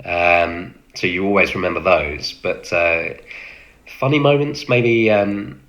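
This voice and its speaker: A man casually recounting an anecdote from working as an extra on a film set, halting with many fillers and acting out quoted lines. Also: low-pitched, fairly bright tone.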